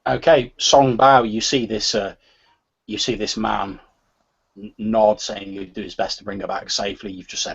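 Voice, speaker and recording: A man's voice: lowish voice, fairly even intonation, normal speed. A man narrating as game master in a tabletop game, hesitant and full of "sort of" fillers. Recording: husky, muffled lo-fi recording.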